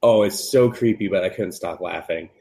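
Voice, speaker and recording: A man with a fairly low voice tells a friend about an anime episode in a loose, profane podcast chat. He keeps dropping into squeaky voices for the characters' lines, then falls back to his easy, plain tone. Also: moderate pace. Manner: profane, animated retelling, jumps into high voices for characters. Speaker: podcast co-host. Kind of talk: casual chat, recapping an anime with acted quotes.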